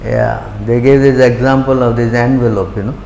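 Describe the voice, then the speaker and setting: A man's voice: mid-range voice, fairly even intonation, moderate pace, vocal fry, warm tone. A man giving an interactive scripture lecture, often asking whether listeners follow him. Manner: keeps checking that listeners follow, with short questions. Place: temple hall. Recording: echoey hall with faint noise.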